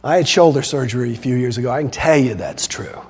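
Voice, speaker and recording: A man's voice: medium pitch, lively intonation, fast, breathy edge. A man giving a keynote talk, telling a story and acting out the quoted voices. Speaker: motivational speaker. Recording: long hall reverb.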